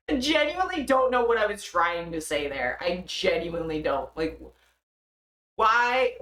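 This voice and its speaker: A young woman chats on her live stream in a bright, slightly high voice that rises and falls a lot. She talks slowly, laughs at her own slips and swears freely. The sound carries an echo from the room. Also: big pitch swings. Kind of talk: casual live-stream chat.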